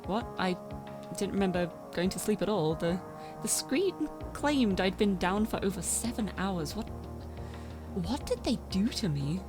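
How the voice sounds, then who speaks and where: A woman's voice: mid-range voice, expressive, a little slow, lightly acted. A woman reading first-person game narration as a tired young driver, reflective and a little uneasy, over faint game music.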